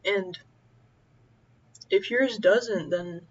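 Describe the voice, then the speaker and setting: A young woman chatting casually as she eats, rambling and halting with many fillers. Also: medium pitch, breathy edge, dull audio. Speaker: vlogger. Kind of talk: casual chat while eating.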